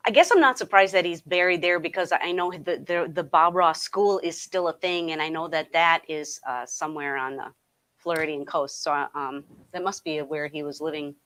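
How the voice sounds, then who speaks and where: A woman's voice: low-pitched, moderate pace, a bit bright. A woman from Wisconsin, a guest on a casual podcast, chatty and upbeat with hesitant fillers. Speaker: podcast guest, improv comedian and painter. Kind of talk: casual interview chat.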